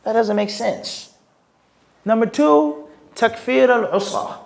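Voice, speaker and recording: A man's voice: very high-pitched, takes it slowly, gravelly. A man teaching Islamic topics in a live question-and-answer session. He asks rhetorical questions and mixes Arabic phrases into his English. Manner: rhetorical, quizzes listeners with "what?". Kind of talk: live Q&A lecture.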